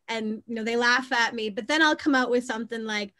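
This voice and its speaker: A woman's voice: fairly high pitch, brisk, bright, forceful tone. A woman in her thirties from Boston, with an American accent picked up with Belfast turns of phrase, chatting as an interview guest and telling stories with easy laughs. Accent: American with Belfast touches. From Boston, USA. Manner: chatty storyteller, laughs easily. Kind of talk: casual interview chat.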